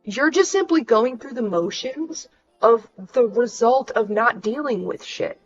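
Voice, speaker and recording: A woman's voice: on the high side, expressive, a little slow, lo-fi sound, soft background music. A young woman, venting frankly and swearing freely on a casual livestream. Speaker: streamer.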